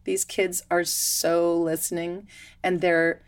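A woman with a slightly low voice talks easily in casual conversation. She is a children's yoga teacher, and her stories come out animated and chatty. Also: slow, clear, resonant tone.

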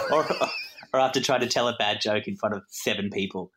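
With background noise behind him, a young Australian guest from Queensland rambles through a self-deprecating podcast story packed with laughter and tangents. His fairly low voice swoops wildly in pitch at a moderate pace, in a relaxed, conversational manner.

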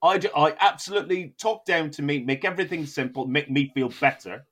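A man's voice: on the high side, fairly quick, fairly bright tone. A man hosting a comedy podcast, talking in a sweary, mock-outraged joking way. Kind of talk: casual comedic chat.

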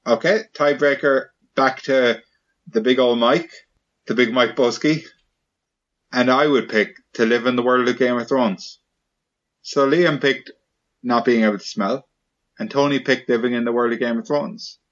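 A man's voice: medium pitch, fairly even intonation, a little slow, highs cut off. A man hosting a podcast, chatting casually and playfully, firing off questions. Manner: playful, keeps asking questions and doing silly voices. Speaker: podcast host. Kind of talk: casual chat.

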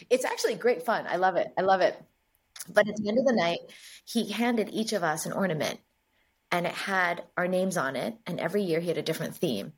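A woman from the United States, a guest in an interview, telling stories in a lively way and acting out the dialogue. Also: fairly low pitch, moderate pace, husky. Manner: lively storyteller, acts out dialogue. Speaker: guest, agency chief executive. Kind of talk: interview storytelling.

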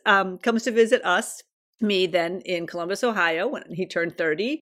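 Woman in her fifties, podcast host, slightly low voice, chatty personal storytelling. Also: normal speed, a bit bright. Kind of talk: casual podcast chat. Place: home.

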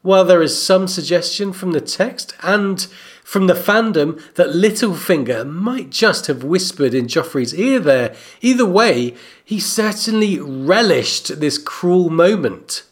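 A man co-hosting a book discussion podcast, narrating and analyzing in a steady way. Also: high voice, measured pace. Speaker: co-host.

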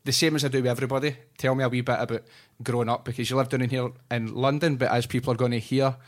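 A man's voice: mid-range voice, fairly even intonation, racing. A Scottish man hosting a casual podcast interview in a hotel room, chatty and joking, with the odd swear word. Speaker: podcast host.

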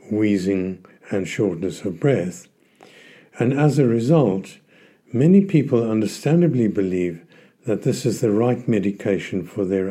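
A man hosting a health podcast, explaining in a calm, measured way and stressing key words. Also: fairly low pitch. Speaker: podcast host.

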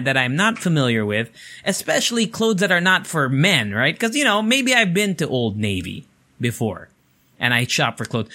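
A man's voice: fairly high pitch, sharp tone. A young man, telling a story in casual, rambling talk full of swearing and fillers.

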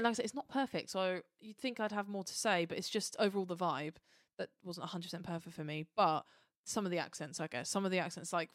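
A woman's voice: on the low side, no room sound, studio quality. A woman co-hosting a podcast in casual chat, upbeat and leading the questions. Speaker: podcast co-host.

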